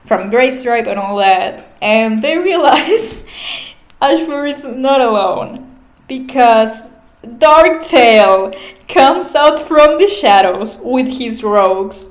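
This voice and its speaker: A woman's voice: fairly high pitch, lively intonation, slow pace. A woman casually recapping a book, chatty, laughing often and swearing freely. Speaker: vlogger. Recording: echoey room.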